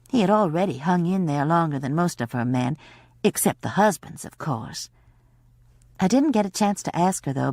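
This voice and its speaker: A woman narrating an audiobook in a wry, expressive way. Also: lowish voice, no room sound, clean studio sound. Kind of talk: scripted narration.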